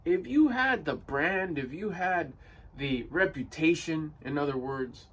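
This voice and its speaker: A man's voice: on the high side, animated, a little slow, a bit bright, husky, recorded from a distance. A man giving a blunt, emphatic motivational monologue to camera. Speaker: motivational vlogger.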